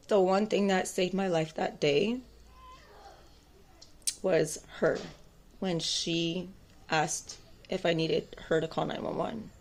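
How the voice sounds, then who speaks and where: A tarot vlogger and adult mother of two boys speaks in a lowish, gravelly, slightly mellow voice. Telling a personal story to camera, she rambles intensely, fills her speech with fillers, and takes a defiant tone.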